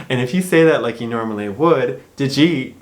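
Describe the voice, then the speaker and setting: A man's voice: mid-range voice, lively intonation, normal speed. A man with a Michigan accent talks casually to his viewers, easygoing and chatty. He laughs often at his own points and keeps a mid-range voice. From Michigan, USA. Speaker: vlog host. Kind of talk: casual talk to camera.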